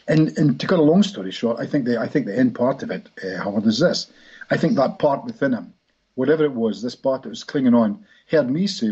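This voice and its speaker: Hypnotist guest, rambling storyteller; husky voice, medium pitch, muffled lo-fi audio. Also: male voice, fairly quick, mellow. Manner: rambling anecdotal, frequent restarts. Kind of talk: storytelling in a podcast interview. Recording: dull lo-fi recording.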